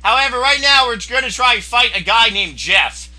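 A young man giving crude, excitable commentary over his own online gameplay, often yelling at opponents. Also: very high voice, moderate pace. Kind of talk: profane live gameplay commentary.

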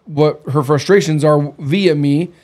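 The host, a man in his thirties, speaks at a measured pace with a voice on the high side and a little mellow. He relates blunt, candid stories with quoted lines during a casual chat.

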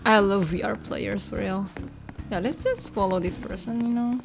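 A woman's voice: mid-range voice, moderate pace, vocal fry, over music. A young woman hosting a casual gaming video, talking loosely with lots of fillers and frequent giggles. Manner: giggly, laughs often between remarks; loose, filler-heavy talk with "like" and "you know". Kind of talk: casual gameplay commentary.

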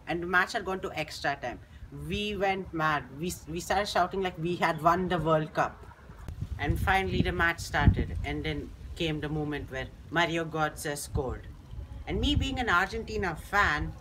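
A mid-range voice belongs to a teenage student who is casually telling a story, rambling and restarting frequently in a chatty way. There is background noise behind the speech.

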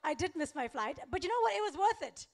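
High-voiced young woman doing stand-up. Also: quick pace. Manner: deadpan, faux-naive storytelling with laughs. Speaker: stand-up comedian. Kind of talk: stand-up comedy set.

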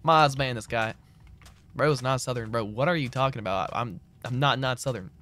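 A man's voice: medium pitch, normal speed, fairly bright tone. A man streaming a game, chatting casually in a loose, slangy, rambling way as he answers his chat. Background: keyboard clicks and typing.

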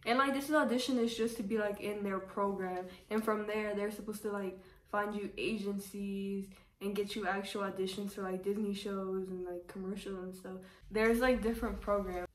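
A woman's voice: medium pitch, steady tone, moderate pace, far from the mic. A young woman telling a casual storytime, chatty and full of "like", acting out what people said. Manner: chatty, fills with "like", acts out quotes. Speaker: vlogger. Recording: roomy echo, voice away from mic.

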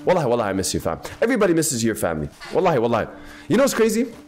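Animated, excitable male streamer. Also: medium pitch, racing. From Ethiopian background. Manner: animated, excitable, slangy banter. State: tired, half awake. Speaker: game streamer. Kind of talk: casual gaming commentary. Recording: voice over game audio and faint music.

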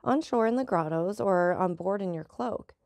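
A woman voicing a calm, seasoned male boat captain who patiently explains things. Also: mid-range voice, moderate pace, no room sound, close to an everyday voice.

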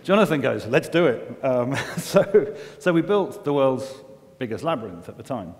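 A man's voice: medium pitch, big pitch swings, moderate pace, darkish tone. A middle-aged man giving a conference talk, chatty and self-deprecating, with many restarts and asides. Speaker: environmental engineer giving a festival talk. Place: festival venue with long reverb. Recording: reverberant hall recording.

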